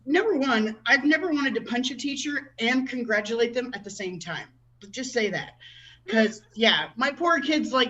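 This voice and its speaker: A woman's voice: on the high side, lively intonation, moderate pace, fairly bright tone, dull audio. A woman doing a stand-up comedy set with crude, profane, self-deprecating stories about her life as a mom. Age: adult with a child. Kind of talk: stand-up set at an online open mic.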